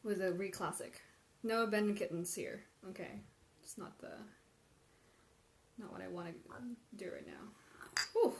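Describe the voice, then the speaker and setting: A woman's voice: mid-range voice, a little slow, vocal fry, long pauses. A woman hosts a live tea tasting, musing aloud as she compares cups and reads out viewer questions. Her voice sits in the middle of the range, and the room gives it a noticeable echo over a faint background hum. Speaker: tea livestream host. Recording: roomy livestream audio with faint ambience.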